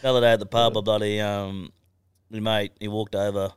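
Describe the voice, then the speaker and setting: A man's voice: on the low side, little pitch movement, fairly quick, clean tone, dry recording, studio quality. A young Australian man on a podcast, telling stories in a casual chat. He swears constantly and laughs through his stories. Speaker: podcast guest.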